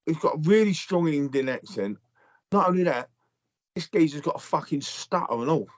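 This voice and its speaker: A man's voice: fairly high pitch, expressive, moderate pace, lo-fi sound. A middle-aged man, telling blunt, sweary stories in casual podcast chat. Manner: blunt, sweary ranting storyteller. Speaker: podcast co-host.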